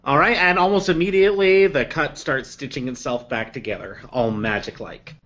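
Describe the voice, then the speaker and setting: A man running a tabletop game as game master, talking casually with many quick restarts. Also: medium pitch, lo-fi sound. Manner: stammering restarts, animated.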